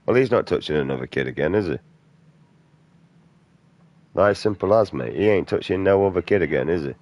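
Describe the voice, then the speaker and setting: A man's voice: sits low, animated, fairly quick, darkish tone, no echo. A man, a gaming streamer delivering an aggressive, profane rant in blunt slang. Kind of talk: angry off-topic rant during gameplay.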